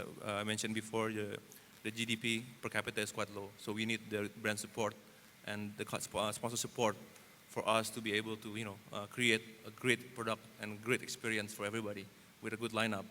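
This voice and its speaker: A man's voice: on the low side, completely flat delivery, brisk, hardly any pauses, bright, forceful tone. A man from Indonesia, an event promoter, speaking hesitantly with many fillers on a panel. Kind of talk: panel discussion. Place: conference stage in a large hall. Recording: hall reverb, faint noise.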